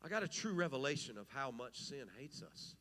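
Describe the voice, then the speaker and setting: A man's voice: medium pitch, sing-song, brisk, bright, forceful tone, in a large hall. A man preaching an impassioned, emphatic sermon as pastor, rising and falling in intensity.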